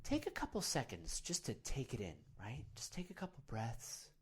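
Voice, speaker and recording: A man hosting a parody guided meditation, rambling and earnest, often soft-spoken. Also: mid-range voice, wildly swooping pitch, normal speed, breathy edge. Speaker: host.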